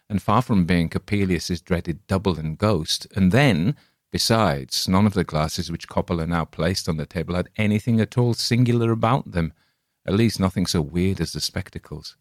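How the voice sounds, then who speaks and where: Deep-voiced male storyteller. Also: no room sound, clean studio sound. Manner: measured, expressive reading. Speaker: audiobook reader. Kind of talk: scripted narration of a classic tale.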